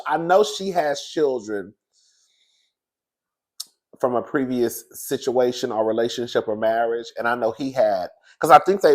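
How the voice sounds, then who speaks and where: A man hosting sassy celebrity gossip commentary, laughing often and swinging between high excited squeals and hushed whispers. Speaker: commentary host.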